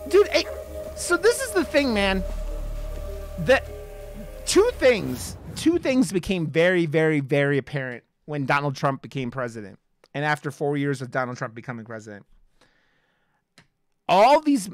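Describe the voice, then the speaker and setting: Male streamer, high voice, furious swearing rant at chat, faint game music underneath. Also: big pitch swings, moderate pace, long pauses. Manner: heavy swearing, restarts mid-sentence, addresses chat viewers. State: angry. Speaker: streamer playing a video game. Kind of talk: heated live-stream rant.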